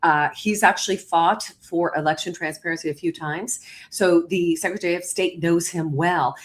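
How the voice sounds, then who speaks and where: A woman hosts a livestream on a video call, telling the story at a quick and lively pace. She acts out what people said in quoted exchanges. Her voice sits a little low for a woman. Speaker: livestream host. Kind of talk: political livestream talk.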